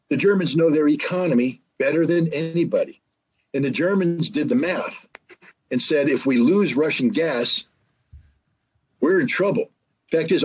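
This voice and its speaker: Emphatic husky American man. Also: a little high, a little mellow, dull audio. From United States. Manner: emphatic, repeats phrases, acts out quoted speech. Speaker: guest, former weapons inspector and analyst. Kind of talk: forceful political commentary in an interview.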